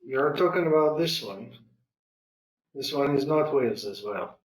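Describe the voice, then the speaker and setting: A man's voice: mid-range voice, lively intonation, unhurried, reverberant, distant mic, low-quality recording. A male English teacher leading a classroom lesson, patiently prompting students and repeating their answers.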